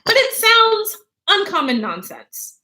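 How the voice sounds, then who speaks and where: A woman's voice: extremely high pitch, very animated, slow pace, noisy background, voice pushed up, heavily acted. Woman reading as a complaining mock turtle. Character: gloomy, fussy male mock turtle creature.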